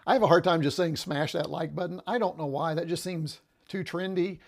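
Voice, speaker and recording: A man's voice: fairly high pitch, fairly even intonation, fairly quick, vocal fry. A man hosting a casual livestream on a lapel mic, rambling and chatty, slightly out of breath. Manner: chatty, rambling, with frequent "uh" and restarts. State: a little out of breath. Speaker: livestream host.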